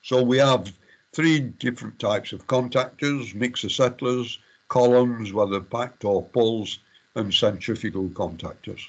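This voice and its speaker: A man's voice: medium pitch, measured pace, highs cut off. A middle-aged man giving a university lecture, formal but hesitant, full of fillers and restarts. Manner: addresses students formally as ladies and gentlemen.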